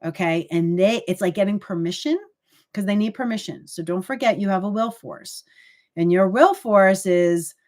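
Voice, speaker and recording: A woman's voice: mid-range voice, moderate pace, darkish tone. A middle-aged woman, a psychic medium, talking casually and earnestly on a live stream, with many fillers and sudden emotional lifts.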